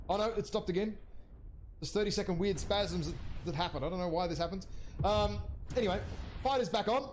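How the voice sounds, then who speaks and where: A young man with a high-pitched voice casts an online game league match live. He rambles and thinks aloud as he reads the teams, and his voice climbs when a pick surprises him. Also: slight background noise. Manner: voice jumps higher when surprised. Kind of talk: live esports commentary.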